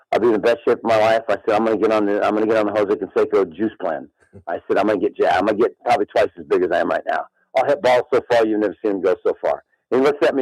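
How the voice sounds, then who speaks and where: Deep-voiced man in his sixties, dry close sound, swaggering raconteur. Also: very fast, no echo, poor audio. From Midland, Michigan. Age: 60s. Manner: boastful, animated storyteller acting out dialogue. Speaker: radio show guest. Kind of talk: casual storytelling chat.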